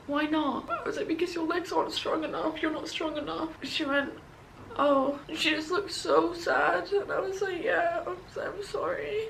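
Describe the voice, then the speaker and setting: Tearful young woman with vocal fry. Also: high-pitched, slight background noise, low-quality recording. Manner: soft, halting, tearful, heavy use of "like". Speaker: vlogger. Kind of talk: emotional personal storytelling. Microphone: camera.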